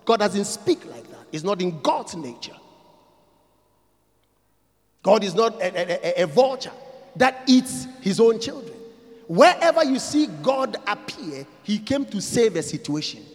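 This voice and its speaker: High-voiced preaching man, echoing hall. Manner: dramatic swings from quiet to shouting, repeating lines for emphasis. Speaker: pastor. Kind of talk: sermon.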